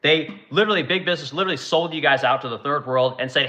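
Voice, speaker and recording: A man from Oregon delivers a sarcastic, profanity-laden rant on his channel. His voice sits a little high and rings bright and forceful. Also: fast talker, hardly any pauses, dull audio. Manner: exasperated, heavily profane, sarcastic. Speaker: channel host. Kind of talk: profane ranting commentary.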